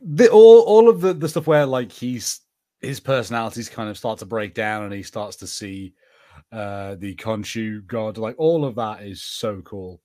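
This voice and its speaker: Northern English man, low voice, dry sound. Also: measured pace, warm tone, no echo. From Northern England. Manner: chatty, lots of fillers and restarts. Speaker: podcast co-host. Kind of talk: casual chat.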